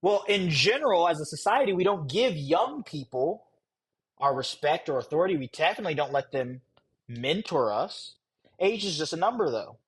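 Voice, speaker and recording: A young man teaches a live sales class in a husky, slightly rough voice. His pitch rises and falls a lot as he talks. He is blunt and conversational, and he changes his tone and speed on purpose to drive his points home. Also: animated. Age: young adult. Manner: deliberately shifts pace and tone, blunt and conversational. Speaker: sales coach. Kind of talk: teaching a live course session.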